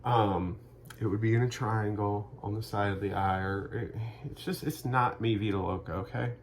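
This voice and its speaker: A man riffing through a rambling, profane comic monologue in a deadpan delivery. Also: fairly low pitch, moderate pace, slight background noise. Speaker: comedic vlogger.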